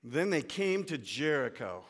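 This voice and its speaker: A man's voice: mid-range voice, big pitch swings, a little slow, in a large hall. A male pastor preaching a sermon, telling the story vividly and dropping casual asides.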